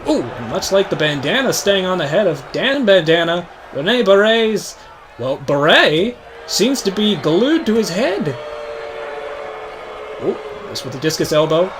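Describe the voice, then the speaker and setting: A young man with a very high voice calls a wrestling match like a TV announcer, hyped and dramatic, climbing to shouts on the big moves. A faint hum of ambience sits under his voice. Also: sing-song, unhurried. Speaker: host. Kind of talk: mock wrestling play-by-play commentary.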